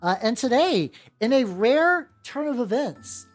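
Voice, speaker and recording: A woman's voice: on the high side, big pitch swings, a little slow, faint music behind. A woman chatting casually on a miniature painting stream, rambling with many restarts and some swearing. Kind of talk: casual livestream chat.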